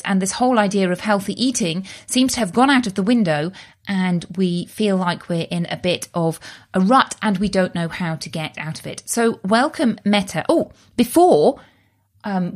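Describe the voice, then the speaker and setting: A woman hosting a podcast in a bubbly, upbeat and emphatic way. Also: mid-range voice. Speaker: podcast host.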